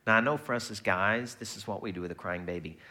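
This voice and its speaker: A man preaching a sermon in a conversational, lively way, often slipping into quoted voices. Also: on the low side, fast. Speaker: pastor.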